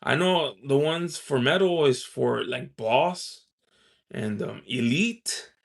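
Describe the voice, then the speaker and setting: Gravelly-voiced man rambling on a live stream. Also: medium pitch, takes it slowly. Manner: rambling, full of "you know" and "um"; reads out viewer chat and answers it. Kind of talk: casual live stream chat.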